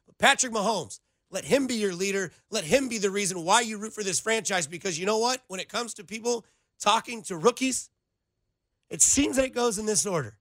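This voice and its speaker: High, bright-voiced male sports radio host. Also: a little fast, no room sound. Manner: animated, rambling, playful comparisons. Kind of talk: casual sports radio banter. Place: radio studio.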